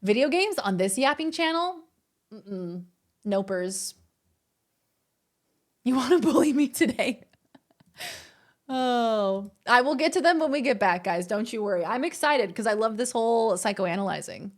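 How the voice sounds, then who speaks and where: Australian woman streamer, slightly high voice, casual and teasing. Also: lively intonation, moderate pace. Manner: playful, chatty, addresses chat as gamers. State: a little out of breath. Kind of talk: casual live-stream chat.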